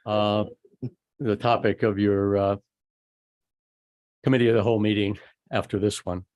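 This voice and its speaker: Deliberate man with hesitant pauses. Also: on the low side, flat delivery, darkish tone, highs cut off. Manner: measured, many "uh" pauses. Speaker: resident giving public comment. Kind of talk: public comment at council meeting. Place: city council chamber.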